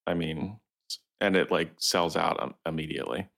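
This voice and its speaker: A man with a very low, gravelly voice, co-hosting a gaming podcast. He speaks softly and hesitantly, letting his sentences trail away. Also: moderate pace. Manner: soft-spoken, trailing off, hesitant. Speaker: podcast co-host. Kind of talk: casual chat.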